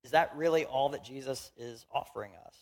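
A man's voice: medium pitch, brisk, darkish tone. A young man from Houston, Texas, giving a conversational, joking sermon as a pastor in a church and talking directly to the congregation.

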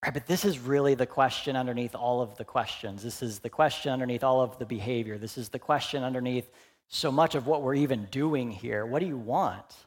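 A young adult male pastor preaching a sermon, animated and humorous, then dropping to hushed, earnest asides. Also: mid-range voice, fairly quick, breathy edge.

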